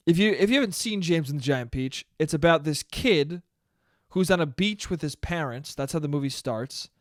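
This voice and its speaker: A young man delivering a solo comedy podcast rant that is animated and profane, slipping into acted-out snippets of dialogue. His voice sits a bit high for a man. The sound is dry and close, with no room echo. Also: clear, resonant tone. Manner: ranting, animated, profane, acts out quoted dialogue. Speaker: podcast host.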